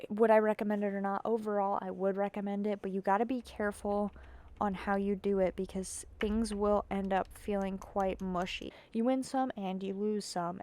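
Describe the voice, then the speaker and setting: A woman's voice: mid-range voice, a little mellow. A sleepy woman vlogging casually about her keyboard, rambling and giggly, poking fun at herself. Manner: rambling, giggly, self-mocking.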